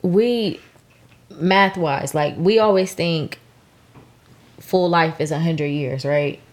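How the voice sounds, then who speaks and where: A woman co-hosting a podcast in casual chat, with a stern, sharp way of talking. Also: low voice, slow pace. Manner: self-described stern, sharp tone. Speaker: podcast co-host.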